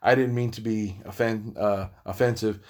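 A man's voice: on the low side, steady tone, moderate pace. Laid-back rambling man. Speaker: vlogger. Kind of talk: casual monologue.

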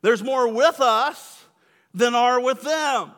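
A man voicing a calm prophet reassuring his servant in a sermon retelling. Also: very high-pitched, takes it slowly, big-room sound, heavily acted. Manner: relaxed, reassuring.

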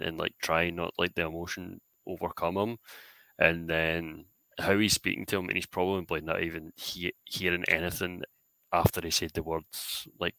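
A man's voice: low-pitched, vocal fry, sharp tone, no echo. A man co-hosting a podcast, chatting casually about football players and laughing easily. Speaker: podcast co-host. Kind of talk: casual sports chat.

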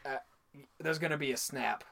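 A man's voice: on the high side, moderate pace, creaky, bright, forceful tone. A young man co-hosting a casual podcast, blunt and crude in his joking. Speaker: podcast co-host.

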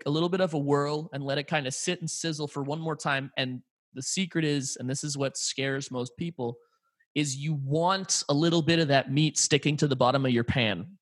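American man, podcast co-host, light-pitched, swears freely, enthusiastic explainer. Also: a bit bright, no echo. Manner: loose, profane and laughing, explains with relish. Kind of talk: casual chat. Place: office room with a large archway.

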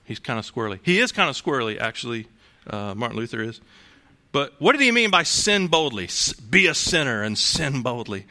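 A man's voice: medium pitch, sing-song, moderate pace, pushed and bright. A man preaching a sermon to a congregation in a conversational way, asking rhetorical questions and restarting phrases. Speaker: pastor.

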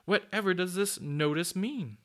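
A man's voice: mid-range voice, big pitch swings, measured pace, a bit bright. A man voicing an earnest, curious young girl in a storybook reading.

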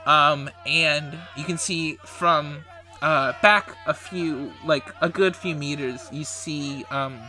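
A man serving as game master, narrating a tabletop role-playing scene in a halting way, with many ums and likes. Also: on the high side, steady tone, bright, forceful tone. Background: background music.

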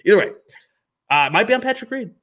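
A realtor in his thirties from Minnesota, in the US Midwest, guests on a podcast with a Minnesota accent, chatting casually in a high, fast voice. He's an animated storyteller who bursts into exaggerated outbursts.

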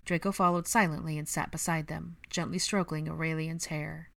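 A woman narrating a story in a gentle, even storytelling manner. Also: low voice, moderate pace, creaky, no echo. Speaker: reader. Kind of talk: audiobook narration of fan fiction.

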